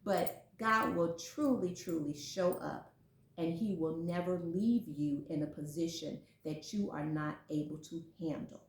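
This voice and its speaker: Woman host, encouraging, animated storyteller, echoey room. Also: lowish voice, a little slow. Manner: warm encouraging, animated when telling anecdotes. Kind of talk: casual faith talk.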